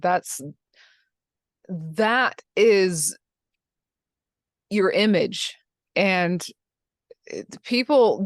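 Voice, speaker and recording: A woman's voice: fairly low pitch, no echo, clean studio sound. Blunt, emphatic woman in an interview. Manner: blunt, emphatic, calls listeners honey and baby. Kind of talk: casual interview advice.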